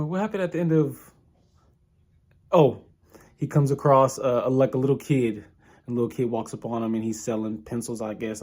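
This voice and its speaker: A man's voice: mid-range voice, dark tone. Rambling young man recapping an episode. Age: young adult. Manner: rambling, thinking aloud with many ums and restarts. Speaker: podcast reviewer.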